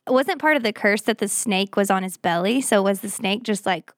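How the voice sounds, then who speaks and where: A woman's voice: mid-range voice, moderate pace, dry recording, studio quality. A woman co-hosting a casual faith chat, asking curious questions.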